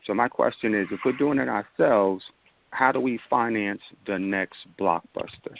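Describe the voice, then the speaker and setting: A man's voice: on the low side, normal speed, vocal fry, slight background noise. A man moderating a radio panel, putting direct questions to the guests. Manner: direct, steers the discussion. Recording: tinny phone-line sound, dry.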